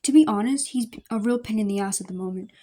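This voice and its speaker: A woman voicing a gentle young royal wife who coaxes and pleads patiently. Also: mid-range voice, quick pace, lightly acted. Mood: coaxing.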